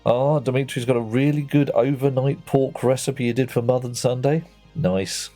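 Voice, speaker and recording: A man's voice: medium pitch, fairly even intonation, moderate pace, dark tone, soft background music. A man chatting playfully with viewers while playing a game on a livestream, greeting them by name. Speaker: streamer. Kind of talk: casual livestream chat while gaming.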